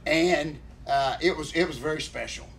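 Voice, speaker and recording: A man with a somewhat high voice tells a rambling, heartfelt story, stopping often to check in with his co-host. His talk is earnest and emotional, with a faint hiss of background noise. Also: moderate pace, gravelly, fairly bright tone. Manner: earnest, emotional, keeps addressing co-host by name. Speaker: podcast co-host.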